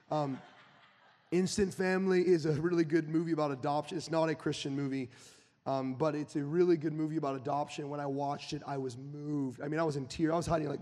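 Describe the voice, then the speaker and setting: A man's voice: fairly high pitch, darkish tone. A young adult male preacher giving a sermon, telling personal stories in a conversational way and building to emphatic, insistent preaching. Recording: long hall reverb.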